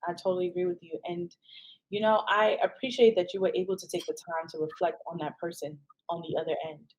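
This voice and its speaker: A woman hosting a podcast in casual chat, an animated storyteller who keeps asking "right?" and jumps high in pitch when quoting people. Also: fast talker, poor audio. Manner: frequent "um" and "right?". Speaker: podcast host.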